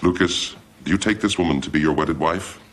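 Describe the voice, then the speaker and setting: Sitcom: hammy minister, deep and animated, noisy room. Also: male voice, brisk. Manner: hammy, showboating. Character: hammy wedding minister man, loves attention. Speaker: sitcom character. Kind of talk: wedding officiating.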